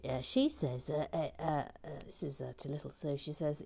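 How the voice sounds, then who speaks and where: Brief: a playful woman reading chat aloud, slipping into whispers, with a low, mellow voice. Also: fairly even intonation, moderate pace, vocal fry, hardly any pauses, husky. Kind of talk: casual chat.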